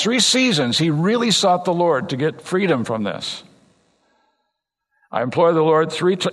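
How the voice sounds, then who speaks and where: Preaching in a large hall with long reverb, an older pastor from California keeps a conversational tone. He moves back and forth between emphatic peaks and quiet, low asides.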